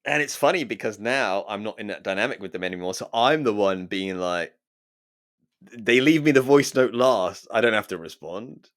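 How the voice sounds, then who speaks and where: A man's voice: lowish voice, moderate pace. A man co-hosting a casual podcast, telling stories animatedly and often laughing. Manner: animated storyteller who acts out quoted voices and laughs often. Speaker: podcast co-host. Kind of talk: casual conversational podcast chat.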